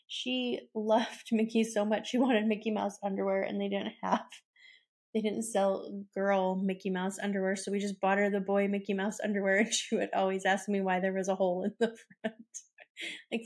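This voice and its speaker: A woman's voice: medium pitch, darkish tone. Tearful woman telling personal stories. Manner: emotional, tearful and laughing while telling stories. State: choked up, near tears. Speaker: podcast host. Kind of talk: casual storytelling.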